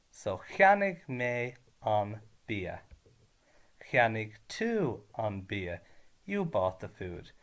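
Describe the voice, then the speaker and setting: Slow, deliberate man teaching. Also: fairly low pitch. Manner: switches between Irish and English, stressing each ending. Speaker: Irish language teacher. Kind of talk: slow, clear grammar lesson.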